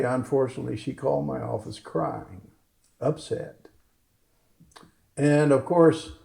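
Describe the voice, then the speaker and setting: A man's voice: medium pitch, gravelly, mellow, rough recording. A man, a doctor, telling a story at a live talk and acting out the lines of the people in it. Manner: acts out other people's lines in his stories. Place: fitness gym, indoors.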